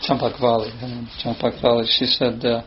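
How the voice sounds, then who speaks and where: A man telling a personal story in casual, halting speech, pausing often and restarting his sentences. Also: mid-range voice, monotone. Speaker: spiritual teacher telling a story. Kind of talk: storytelling talk. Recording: dull sound with faint ambient noise.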